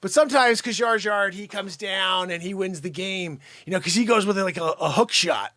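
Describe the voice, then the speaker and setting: A man hosting a comedic livestream, riffing jokily on news stories and breaking into shouts. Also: high voice, normal speed, dry recording, clean studio sound. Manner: animated, jokey, breaks into shouting. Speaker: host.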